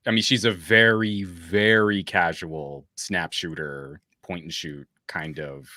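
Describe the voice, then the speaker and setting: A man's voice: low voice, fairly even intonation, slow, pushed and bright, dry recording, clean studio sound. A man in his thirties hosting a live tech chat, telling rambling stories about his parents' phones. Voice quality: chatty, tangent-prone storyteller. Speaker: host.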